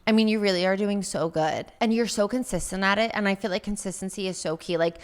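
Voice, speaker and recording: A woman's voice: medium pitch, fast. Chatty woman in an echoey room. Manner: chatty, rambling, many fillers. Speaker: podcast guest. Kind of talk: casual chat. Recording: room with long reverb.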